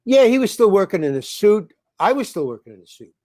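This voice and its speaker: A man's voice: high-pitched, very animated, fairly quick, warm tone, no room sound, studio quality. An older man, a comedian and actor, telling rambling stories with many restarts and acting out the lines he quotes. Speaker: comedian and actor, interview guest. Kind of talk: rambling storytelling in conversation.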